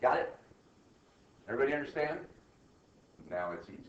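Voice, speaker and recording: A man's voice: mid-range voice, lively intonation, a little fast, slight background noise. A middle-aged man teaching accounting in a classroom, emphatic and often checking in with "right?" and "okay?". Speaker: accounting instructor. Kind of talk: classroom lecture. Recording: muffled, roomy classroom recording from far off.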